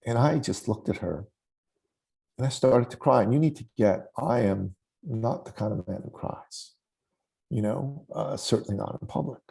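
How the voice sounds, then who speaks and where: A man in his forties with a gravelly, husky voice, talking as a guest in a conversational interview. He tells his story with animation and slips into the voices of the people he quotes. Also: mid-range voice, normal speed, warm tone. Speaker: podcast guest.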